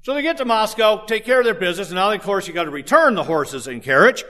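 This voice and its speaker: A man preaching a sermon, telling stories in an animated way and joking with the congregation. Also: high voice, fast. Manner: animated storytelling with jokes to the congregation. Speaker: pastor.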